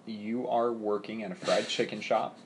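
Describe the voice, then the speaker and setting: A man's voice: on the low side, fairly even intonation, moderate pace, background noise. A man hosting a casual podcast, dropping dry, short quips.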